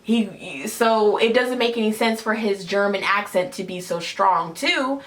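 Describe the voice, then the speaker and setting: A woman's voice: mid-range voice, a little slow, fairly bright tone. Opinionated woman hosting a casual review. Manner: opinionated, conversational. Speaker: host.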